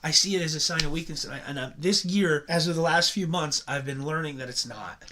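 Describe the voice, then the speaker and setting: A man's voice: on the high side, brisk, noisy background. A man in his late twenties, a podcast guest in casual chat, talking candidly and emotionally and stumbling over repeated words. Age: late 20s.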